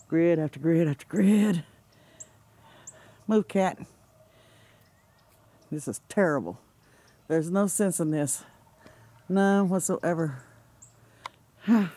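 Slow, agitated man filming the sky. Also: on the high side, warm tone. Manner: agitated, exasperated, swearing. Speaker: amateur video maker. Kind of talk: handheld filming commentary. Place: outdoors under open sky. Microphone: handheld camera mic.

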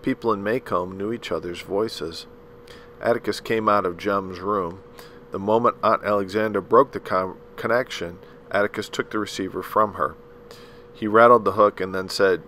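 A man reads a novel aloud with measured, dramatic pacing, stumbling now and then over a word. His voice sits somewhat low and has a bright, forceful edge, with a faint hiss underneath. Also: fairly even intonation, rough recording. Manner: measured, dramatic storytelling with a few slips. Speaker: audiobook reader. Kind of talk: scripted narration of a novel.

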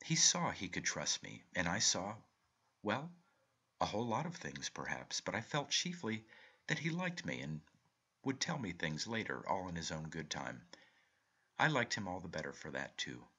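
A deep-voiced man reads a short story aloud in a measured, expressive first-person telling. His husky voice has a bright edge and roams widely in pitch. It sounds like an audiobook narration. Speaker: reader.

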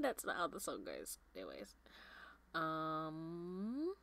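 A woman's voice: low voice, wildly swooping pitch, slow, noisy background. A woman recording fan dub takes in a bubbly, playful, sing-song way. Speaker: voice actor. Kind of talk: voice acting outtakes.

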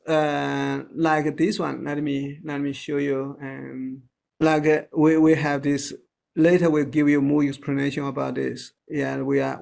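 A man whose first language is Chinese, teaching pronunciation in a casual one-on-one lesson, halting and repeating words as he models sounds slowly. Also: on the high side, gravelly, darkish tone.

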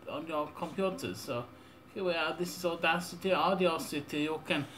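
A young man rambling through a deadpan, mock-serious audio software tutorial with absurd asides. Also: fairly high pitch, slight background noise. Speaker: tutorial maker.

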